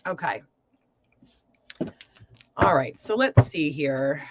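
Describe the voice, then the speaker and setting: A woman's voice: deep voice, expressive, slow, breathy edge, no room sound. A woman hosting a live tarot reading stream, talking casually to viewers with lots of fillers and pet names. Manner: chatty, warm to viewers, filler-heavy.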